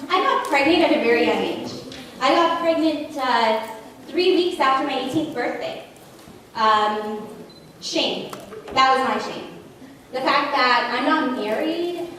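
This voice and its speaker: A woman's voice: high voice, fairly bright tone. A woman preaching a sermon to a church, pleading and emotional, building through repetition. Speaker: guest preacher. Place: church sanctuary. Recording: echoey church hall from far off, congregation audible.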